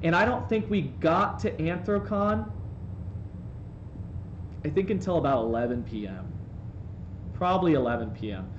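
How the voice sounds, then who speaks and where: Man, live streamer, rambling animated storytelling, playful asides, slightly high voice, roomy room sound. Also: normal speed, long pauses, dull audio. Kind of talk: casual storytelling while gaming on stream. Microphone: desk microphone, swapped in for the day. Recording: roomy sound with faint background noise.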